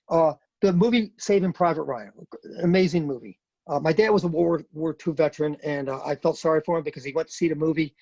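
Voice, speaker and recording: A man's voice: a little high, a little mellow, dry recording. A middle-aged man, a retired Marine, talking bluntly and emphatically in an interview, repeating words for stress. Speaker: podcast guest, retired Marine sergeant major. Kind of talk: conversational interview talk. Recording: dry, dull lo-fi sound.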